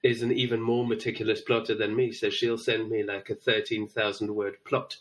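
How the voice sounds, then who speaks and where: A man's voice: lowish voice, little pitch movement. A man with a mixed, posh-sounding English accent, co-hosting a casual chat and joking often. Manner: playful, quick to joke and laugh. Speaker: podcast co-host.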